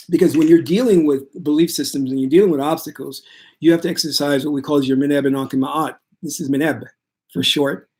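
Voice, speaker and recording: A man with a somewhat higher voice delivers a spiritual talk in a calm, steady manner. He speaks to his viewers in a reassuring, unhurried way. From United States. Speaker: spiritual teacher.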